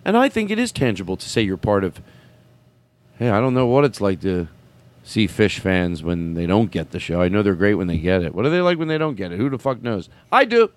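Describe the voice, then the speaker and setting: A man's voice: on the low side, big pitch swings, brisk, no echo. Rambling, stammering male podcast host. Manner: rambling, stammering, laughs often. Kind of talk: casual chat.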